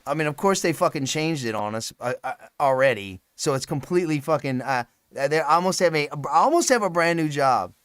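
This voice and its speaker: A man's voice: a little high, expressive, brisk, few pauses, a bit bright, smooth, no room sound, clean studio sound. A man hosting a casual live stream, rambling, swearing freely and laughing often. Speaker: livestream host.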